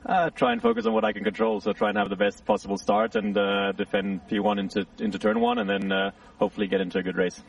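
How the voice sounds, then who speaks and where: A man, a racing driver, answering interview questions on the grid, pausing often with many uhs. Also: on the low side, very animated, gravelly, recorded from a distance, slight background noise, poor audio. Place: outdoors on a race grid.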